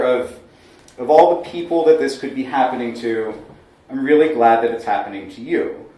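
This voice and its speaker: A man in his thirties telling a comic personal story on a small stage, lively with wry asides. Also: mid-range voice. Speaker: solo storyteller. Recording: very echoey room, mic far off.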